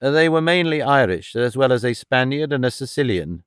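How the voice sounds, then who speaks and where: A man doing a crisp, decisive detective. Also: medium pitch, animated, brisk, a bit bright, dry recording, clean studio sound, lightly acted.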